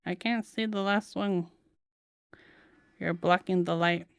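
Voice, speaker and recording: A young woman streams from home, chatting casually while she builds a keyboard. She talks slowly in a lowish, smooth voice, laughs often and coos to her cat, close on a dry mic. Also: steady tone, no room sound. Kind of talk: casual live-stream chat.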